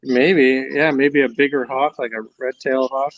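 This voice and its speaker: A man's voice: mid-range voice, little pitch movement, normal speed, dry recording. A man adding short, agreeable remarks in a casual chat. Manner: brief, agreeable interjections. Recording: dull lo-fi sound.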